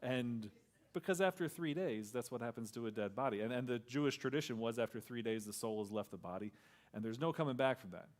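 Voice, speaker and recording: A male pastor preaching a sermon in a conversational style, acting out quoted lines and dropping to a soft near-whisper on key words. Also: mid-range voice, a little fast.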